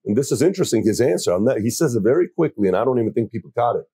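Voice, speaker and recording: Mellow husky man, dry close sound. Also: mid-range voice, very animated, very fast, no echo. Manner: rambling, repeating words while searching for his point. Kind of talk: casual interview chat.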